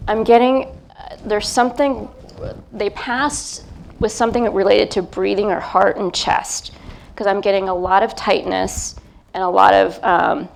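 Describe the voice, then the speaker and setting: Soft-spoken woman with a gravelly edge. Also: medium pitch, steady tone, slight background noise. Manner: gentle, hesitant, feeling her way with many pauses. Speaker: psychic medium. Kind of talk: live reading before an audience. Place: event talk in front of a live crowd.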